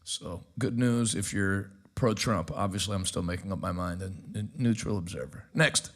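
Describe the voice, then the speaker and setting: An American pastor hosting a casual news commentary show, tossing off wry quips between clips. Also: male voice, sits low, moderate pace.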